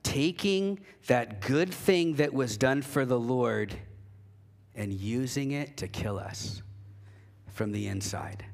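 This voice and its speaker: A pastor preaching a sermon in a church, talking conversationally and emphatically, acting out quoted voices, with frequent restarts. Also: male voice, mid-range voice, expressive, slow pace, pauses often. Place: church sanctuary.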